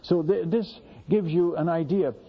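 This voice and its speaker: Gravelly older man telling a sermon story. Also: on the high side, a little slow. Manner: folksy, animated, exclaiming asides to the audience. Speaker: missionary preacher. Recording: dull lo-fi recording.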